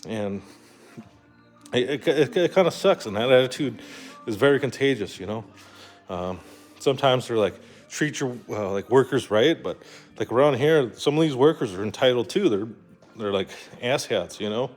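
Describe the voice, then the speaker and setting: A man's voice: medium pitch, expressive, moderate pace, soft background music. A young man talking in a casual rambling monologue, full of fillers, restarts and swearing. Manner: rambling, profane, lots of fillers. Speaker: vlogger.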